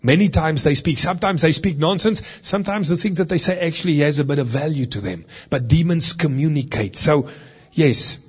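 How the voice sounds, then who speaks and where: This middle-aged man's voice is slightly high, slightly fast, and husky. He's a deliverance minister delivering a teaching sermon, earnest and conversational, reading scripture along the way.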